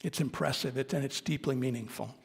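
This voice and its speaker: A man's voice: mid-range voice, a little fast, vocal fry, breathy edge. A man giving a sermon as a minister, speaking earnestly and conversationally with small asides. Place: sanctuary of a congregation. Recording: long reverb of a worship hall.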